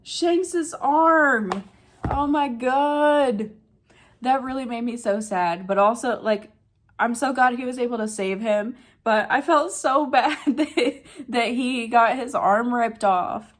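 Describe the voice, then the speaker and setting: A woman's voice: a little high, a little slow, a little hiss or hum. A woman recapping a manga chapter in casual chat, chatty and emotional, saying "like" often. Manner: chatty and emotional, says "like" a lot.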